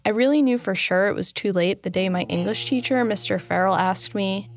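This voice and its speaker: Dry, gravelly-voiced woman narrating a memoir. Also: mid-range voice, a little fast. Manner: candid, dry and deadpan. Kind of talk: scripted first-person memoir narration.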